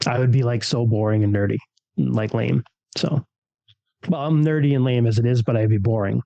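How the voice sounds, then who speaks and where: A man's voice: mid-range voice, moderate pace, creaky, mellow, no echo, dull audio. A man chatting casually with fellow players in a rambling, easygoing way. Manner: rambling, easygoing, lots of filler words. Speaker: player and co-host. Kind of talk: casual chat among players.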